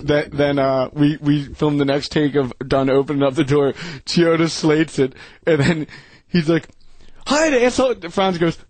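A man's voice: on the high side, little pitch movement, moderate pace, darkish tone, dry recording. A man hosting a radio show in casual banter, laughing through stories and introducing songs.

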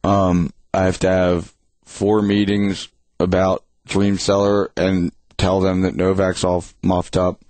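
A young man with a fairly low voice chats casually, spilling rambling stories full of swearing. The sound is dry and close, with no room around him. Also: little pitch movement, slow, a little mellow, dry recording. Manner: profane, rambling storyteller. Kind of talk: casual chat.

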